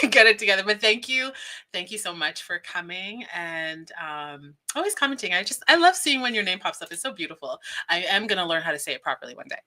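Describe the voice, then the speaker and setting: A woman's voice: fairly low pitch, pushed and bright. A woman hosting a casual livestream, chatting, laughing often and reading viewer comments aloud. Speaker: livestream host.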